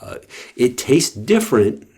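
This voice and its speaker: A man's voice: medium pitch, sing-song, measured pace, mellow, husky. A man chatting casually to the camera in a rambling way, full of fillers and restarts. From West Coast of the US. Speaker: vlogger.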